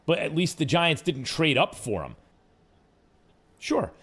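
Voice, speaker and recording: A man's voice: on the high side, slow pace, slightly rough. A man hosting sports talk radio, arguing his points with mocking asides in a studio. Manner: animated, argumentative, mocking asides.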